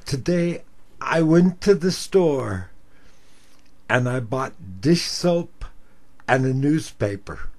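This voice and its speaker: A man voicing a meek elderly woman calling a radio show, speaking slowly and hesitantly with repeated words. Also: mid-range voice, expressive, darkish tone, husky, voice pushed up.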